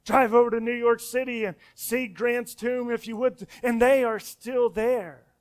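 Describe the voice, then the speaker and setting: A man preaches a sermon in a high, smooth, clear voice. He pushes his points with emphasis and repeats words as he speeds up. Key phrases fall away into a soft hush. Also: fairly even intonation, unhurried. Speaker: pastor.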